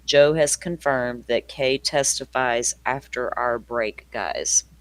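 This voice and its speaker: An older Southern US man hosts a true crime livestream, chatting casually with his live viewers, laughing often and greeting them by name. His medium-pitched voice is fairly bright and slow, with no echo.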